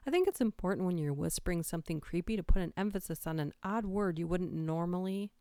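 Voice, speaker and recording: A woman's voice: lowish voice, lively intonation, fairly quick, hardly any pauses, mellow, no echo. A woman hosting a casual livestream from home, chatting and giggling, with a slightly stuffy nose from allergies. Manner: giggly, chatty, whispers the creepy lines. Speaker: livestream host. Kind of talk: casual livestream chat, reading creepy lines aloud. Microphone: close microphone.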